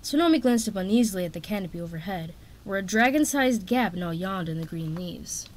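A woman reading a children's fantasy novel aloud in steady, expressive narration. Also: medium pitch, fairly quick. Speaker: audiobook reader.

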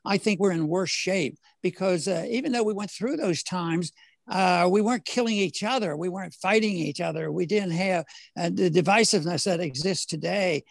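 An older man, a former congressman, talking as an interview guest in a halting way with many fillers, restarts and the odd chuckle. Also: high voice, gravelly, dry recording. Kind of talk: casual interview conversation.

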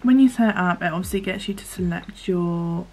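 A young British woman chats casually in an unboxing vlog, swearing offhandedly and often dropping to a whisper as she reads the screen aloud. Her voice is fairly low, mellow, and at a normal pace.

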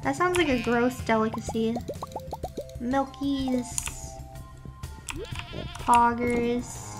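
A young woman with a high, unhurried voice chats playfully with her stream while she plays. She sounds sleepy and drops gamer slang. Game music runs steadily behind her, and keys click now and then. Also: fairly even intonation. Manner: chatty, playful, answers chat, gamer slang. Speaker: VTuber streamer. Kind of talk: casual gameplay chat.

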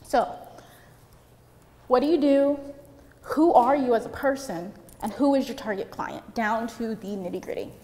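A loud, chatty woman from Puerto Rico giving a seminar talk to photographers, using a handheld mic and saying "like" a lot. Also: on the high side, a little slow, pauses often, big-room sound. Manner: chatty, lots of "like". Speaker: seminar speaker. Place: seminar room with an audience.

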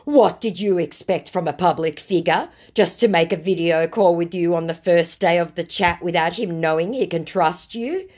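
A woman's voice: fairly low pitch, moderate pace, hardly any pauses, darkish tone, pitched above the performer's own voice, natural voice. A woman reading out the lines of a pushy male scammer who claims to be a celebrity's manager, insistent and evasive.

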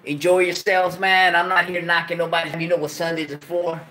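A man's voice: fairly high pitch, monotone, brisk, sharp tone, slight background noise. A man hosting a late-night livestream, talking casually, full of slang and profanity and joking between laughs. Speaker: livestream host.

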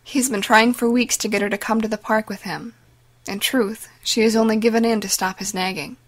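Woman narrating a drama, higher voice. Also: steady tone, brisk. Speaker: audiobook narrator. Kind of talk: scripted narration.

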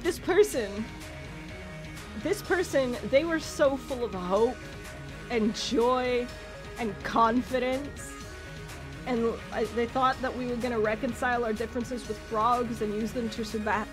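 Over game music, a woman gaming streamer gives casual let's-play commentary that's dramatic and self-mocking, yelping whenever she panics. Her voice is on the high side and unhurried.

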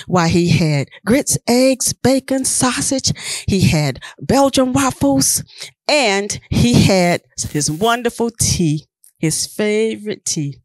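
A woman storyteller performing a folk tale with rhyming, expressive delivery. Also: mid-range voice, no room sound, clean studio sound.

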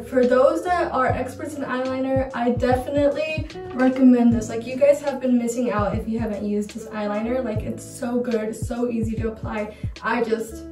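A young woman with a fairly high voice gushes and dramatizes as she reviews makeup in a casual vlog. She sounds a little distant from the mic, in a roomy, echoing space. Faint music plays underneath. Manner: gushing, excitable, dramatic. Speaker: beauty vlogger. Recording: roomy echo, mic far off.

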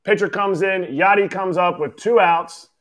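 A man in his forties telling a story as a podcast guest, emphatic and lively, acting out the voices of the people in it. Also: sits high, moderate pace.

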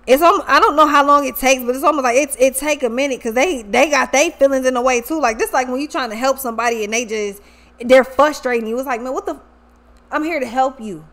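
A woman does a loose, chatty tarot reading, slipping into slang and cursing as she goes. Her voice sits fairly high, and she often acts out the lines she imagines people saying. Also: quick pace. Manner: animated, profane, acts out quoted people. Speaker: tarot reader.

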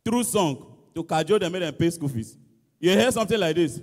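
A Nigerian man doing animated stand-up comedy in Pidgin and English, acting out school songs and shouted lines. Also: fairly high pitch, fairly quick. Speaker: comedian contestant. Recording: reverberant church hall.

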